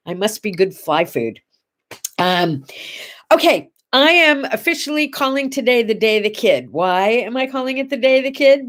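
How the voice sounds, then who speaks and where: A middle-aged woman hosting a casual morning chat show, chatty and tender, rambling with little asides. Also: mid-range voice. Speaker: host.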